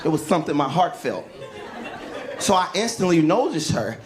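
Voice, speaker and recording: A male stand-up comedian telling a story on stage, animated and laughing through his lines, into a handheld mic before a live audience. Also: fairly high pitch, normal speed. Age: adult, grown since school. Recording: live club with crowd and noise.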